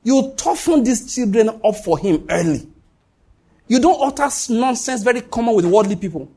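A man's voice: very high-pitched, lively intonation, moderate pace, mellow, breathy edge. A man preaching a sermon as pastor, emphatic, repeating key lines and dropping joking asides.

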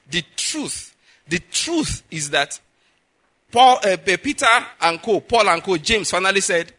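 A middle-aged male pastor preaching a sermon, pushing his voice higher and louder to stress his points. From Nigeria. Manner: emphatic, rises in pitch and volume to stress points.

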